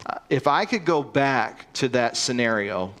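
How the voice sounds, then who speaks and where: A man's voice: medium pitch, lively intonation, unhurried, fairly bright tone. A man preaching a sermon, earnest and emphatic, often repeating words as he starts a sentence.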